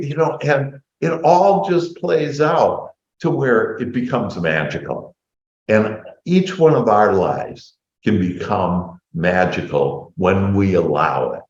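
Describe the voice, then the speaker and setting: Man, animated storyteller, wide swooping pitch, dull lo-fi recording. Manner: animated storytelling, acting out his own quotes. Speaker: motivational speaker. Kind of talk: personal story told to a group. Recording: echoey room, dull lo-fi sound.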